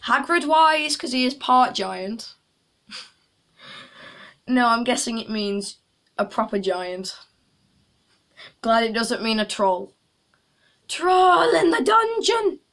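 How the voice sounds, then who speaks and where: A woman's voice: fairly high pitch, takes it slowly, long pauses, fairly bright tone. A young woman chatting casually in a vlog, making jokey asides to viewers. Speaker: YouTuber.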